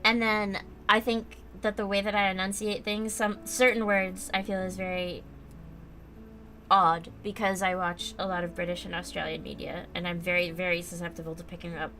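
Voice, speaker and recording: A woman's voice: on the low side, flat delivery, moderate pace, pushed and bright, slight background noise. A young American woman chatting casually on a livestream while she builds a model kit, rambling and reading chat aloud with lots of fillers. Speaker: streamer. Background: faint background music.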